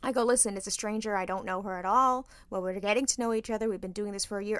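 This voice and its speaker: A woman's voice: mid-range voice, quick pace, few pauses, smooth, dry recording. A woman co-hosting a podcast, telling a story in casual chat and acting out the people she quotes. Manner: animated storyteller, acts out quoted voices. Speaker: podcast co-host.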